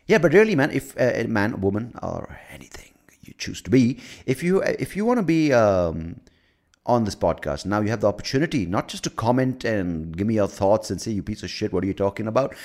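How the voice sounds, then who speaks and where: A man's voice: lowish voice, sing-song, fairly quick, darkish tone. An American man hosting a podcast, talking in a rambling, profane, self-mocking casual monologue. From United States. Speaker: podcast host.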